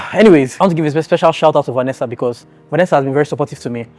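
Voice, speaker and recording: Racing along with few pauses, a young Nigerian vlogger speaks directly to viewers while telling his life story in an earnest, emotional storytime video. His voice is fairly high with a steady, darkish tone, and faint music sits in the background.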